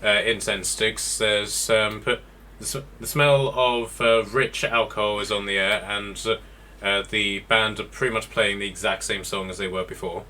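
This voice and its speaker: A man's voice: fairly low pitch, fairly even intonation, moderate pace, few pauses, sharp tone. A man running a tabletop game as game master, narrating scenes with many ums and restarts.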